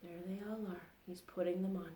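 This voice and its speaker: A woman reading a children's story aloud, animated and asking the young listeners questions as she goes. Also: fairly low pitch, fairly quick, roomy sound, background noise.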